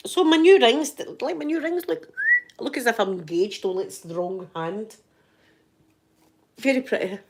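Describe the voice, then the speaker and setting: A woman's voice: a little high, moderate pace, long pauses, noisy background. A Scottish woman hosting an ASMR channel, chatting casually with live viewers in a giggly, joking, rambling way.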